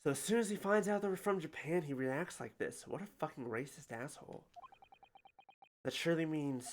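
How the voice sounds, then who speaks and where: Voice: mid-range voice, fairly quick, a little hiss or hum. A streamer giving casual, sarcastic running commentary on a game, swearing freely. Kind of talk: casual gaming livestream commentary.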